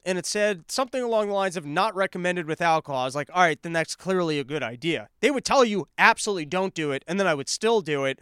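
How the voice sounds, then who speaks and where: Male solo host, high smooth voice, ranting comic storyteller swinging from calm to loud, recorded dry. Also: dry recording. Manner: animated, ranting, swings between calm and shouting. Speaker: podcast host. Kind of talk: solo comedic rant. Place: apartment.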